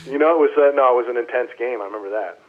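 A man who used to play pro baseball is telling stories on the line, with a lot of energy and quoting old teammates. His voice has a normal middle pitch. It comes through a thin, tinny phone connection. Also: rapid-fire. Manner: animated anecdotes, quoting others in voices. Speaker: former baseball player, guest. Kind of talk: casual storytelling interview.

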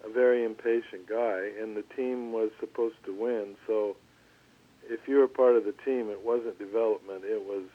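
An older man, a former pitcher, recalls his early career in an interview, talking in a relaxed, halting way with many restarts. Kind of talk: storytelling interview. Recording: tinny phone line.

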